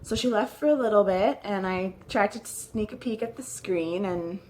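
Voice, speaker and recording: A woman's voice: mid-range voice, normal speed, darkish tone, a little hiss or hum. A woman vlogging, telling a personal story to the camera in a casual, rambling way, full of "like" and restarted sentences. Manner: chatty, fills with "like", restarts sentences. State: recounting a nervous, upsetting visit.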